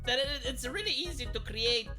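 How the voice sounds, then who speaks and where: A man's voice: very high voice, animated, fairly quick, music in the background. A man with an accent, complaining earnestly in a video monologue, often stalling and restarting.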